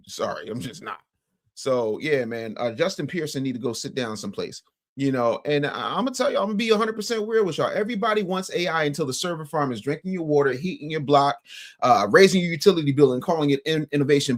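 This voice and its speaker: A man's voice: fairly high pitch, expressive, fast. An American man hosting a morning news livestream, talking bluntly and sarcastically while reading the chat. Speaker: morning news show host.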